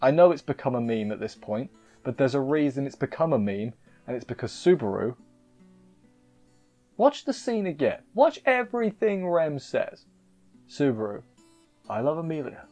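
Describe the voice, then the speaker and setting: A man's voice: mid-range voice, very animated, moderate pace, a little mellow, faint music behind. A man reviewing an anime episode in casual chat, rambling and emotional, often cutting himself off mid-sentence. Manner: emotional, rambling, self-interrupting.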